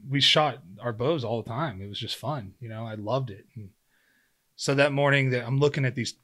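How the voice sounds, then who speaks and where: A man in his thirties, guesting on a podcast, recounts a story in relaxed conversation. He played pro football before becoming a hunter, and his mid-range, slightly bright voice moves at a moderate pace as he acts out his quotes with many fillers.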